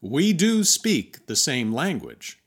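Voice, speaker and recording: A man's voice: a little high, very animated, takes it slowly, slightly rough. American guy hosting a podcast, scripted narration, voice swings way up and down, wry and emphatic. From United States. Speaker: podcast host.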